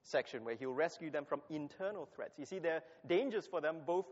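A man's voice: on the high side, expressive, a little fast. Preacher man in an echoing hall. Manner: emphatic, repeats key phrases for stress. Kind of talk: sermon with scripture reading. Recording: long hall reverb, dull lo-fi sound.

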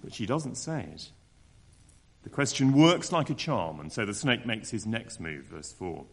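A man's voice: on the low side, animated, a little slow, vocal fry, breathy edge. A man preaching a sermon, acting out quoted voices with mocking tones.

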